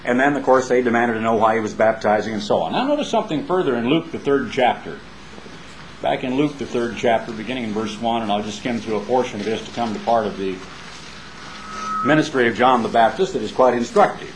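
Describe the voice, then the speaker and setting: A man's voice: medium pitch, fast, a little hiss or hum, poor audio. Folksy, emphatic male preacher. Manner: folksy and emphatic, with rising rhetorical questions. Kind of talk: sermon.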